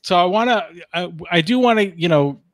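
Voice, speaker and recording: A man's voice: high voice, animated, moderate pace, a bit bright, no echo. A man hosting a podcast, asking questions in an easygoing way with lots of "like" and "you know". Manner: easygoing, many "like" and "you know" fillers, laughs. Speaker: podcast host. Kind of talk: casual chat.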